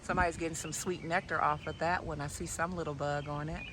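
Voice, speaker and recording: A woman, vlogging casually outdoors in her yard and chatting to her viewers, often dropping to a soft hush. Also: low voice, fairly even intonation, quick pace, very noisy. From United States. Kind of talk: casual chat to camera.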